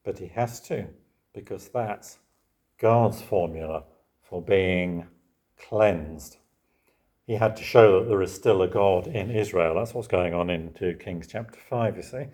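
A man's voice: sits low, unhurried, mellow. An older man preaching a Bible sermon in a conversational way, often ending points with questions like "isn't it?". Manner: conversational, with rhetorical tag questions. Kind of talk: expository sermon.

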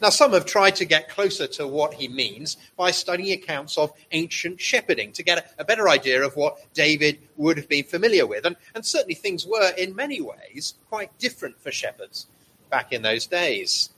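Bright, lively male preacher. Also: fairly high pitch, breathy edge, rough recording. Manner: measured, slows down to stress key words. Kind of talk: sermon.

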